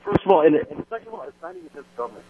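A man's voice: high-pitched, wildly swooping pitch, racing, vocal fry, narrow, tinny audio, noisy background. A man calling into a radio show with an emphatic opinion, his cell phone cutting in and out. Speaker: caller.

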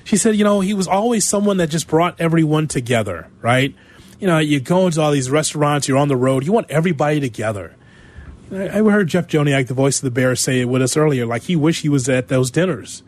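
A man's voice: a little high, quick pace, darkish tone. A man hosting a sports talk radio show, speaking in a reflective, conversational way. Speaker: radio host.

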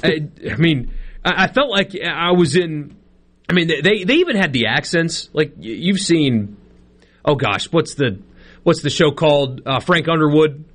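A man's voice: fairly high pitch, animated, a little slow, a bit bright. A man, co-hosting a sports talk radio show, telling rambling, self-mocking stories in casual banter. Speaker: co-host.

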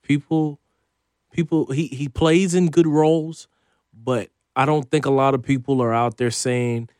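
A man who works as a sports reporter, guesting on a radio show and chatting in a relaxed way, thinking out loud. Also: medium pitch, unhurried, clean tone, dry recording, studio quality. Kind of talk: casual chat.

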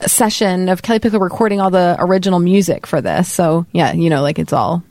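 A woman's voice: on the low side, fairly quick, darkish tone, no room sound. Chatty woman from West Texas. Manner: chatty, laughs often, many fillers. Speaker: podcast co-host. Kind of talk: casual chat reviewing a movie.

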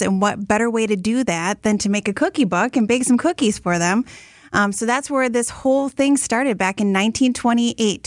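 Company spokeswoman in studio, mid-pitched, friendly explainer, dry close mic. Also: no echo. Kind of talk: live radio interview. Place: radio studio.

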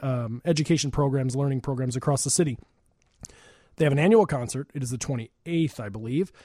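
Male radio host, rapid rambling chatter, slightly high voice, dry studio mic. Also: darkish tone, dry recording. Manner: rambling, chatty, quick to laugh. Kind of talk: casual radio talk.

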